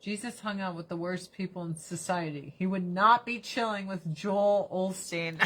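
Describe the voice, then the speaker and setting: A woman hosting a casual livestream chat, animated and fond of swearing, slipping into mocking put-on voices. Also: fairly low pitch. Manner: swears casually, talks fast then drags words out. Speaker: livestream host.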